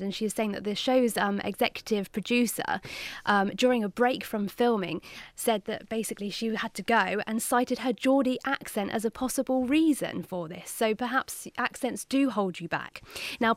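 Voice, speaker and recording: A woman reporter sets up a radio feature in a bright, conversational voice. Her voice sits a little high, and the studio sound is dry and close. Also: dry recording. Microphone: studio microphone.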